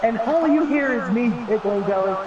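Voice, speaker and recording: A man telling a story on a casual podcast, animated and laughing as he goes. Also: very high-pitched, normal speed, muffled recording, heavy background noise. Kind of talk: casual chat.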